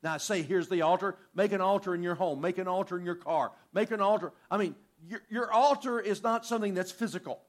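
Male pastor, high voice, animated sermon delivery, reads scripture aloud. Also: fairly quick, hardly any pauses. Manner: animated preaching, acts out prayers in a softer voice.

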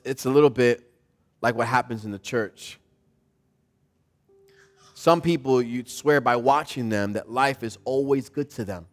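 A man preaching a sermon as a pastor in a church service, telling a story and building to loud exhortation. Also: mid-range voice.

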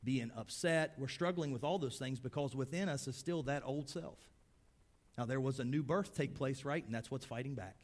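A middle-aged male pastor preaching a sermon in a conversational way, dropping to a hushed, prayerful tone and then lifting to emphatic points. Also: medium pitch, normal speed.

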